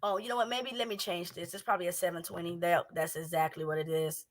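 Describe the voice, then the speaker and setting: A woman's voice: fairly low pitch, fairly even intonation, quick pace. A woman doing casual reaction commentary at home, talking brash, profane and heated. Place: home, a townhouse. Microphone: streaming setup with speakers playing a clip.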